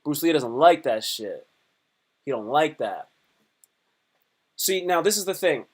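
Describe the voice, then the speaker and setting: A man comedian chatting on a live stream in a rambling way, repeating himself and swinging between loud bursts and low mutters. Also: big pitch swings. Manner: slips into quick put-on voices. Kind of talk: casual live-stream chat.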